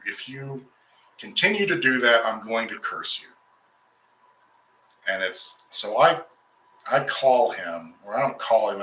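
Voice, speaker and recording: A man's voice: on the low side, bright, forceful tone, echoey room, poor audio. A man hosting a casual talk, telling a long story to his viewers in a rambling way with restarts, getting heated as he recounts a fight. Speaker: occultist host.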